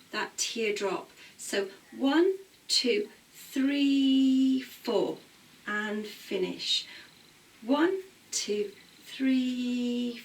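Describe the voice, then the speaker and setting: A woman teaching a beginner belly dance class at home, calmly counting beats aloud as she dances. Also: fairly high pitch, far from the mic. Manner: calm, counts beats aloud while dancing. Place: home room. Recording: voice picked up from across the room.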